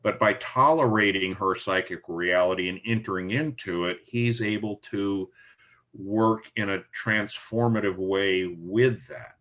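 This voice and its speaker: A middle-aged man, a Jungian analyst being interviewed, speaking in a slow, reflective way and recounting case stories. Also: on the low side, fairly bright tone. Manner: slow, reflective, storytelling with quoted dialogue. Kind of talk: thoughtful interview conversation.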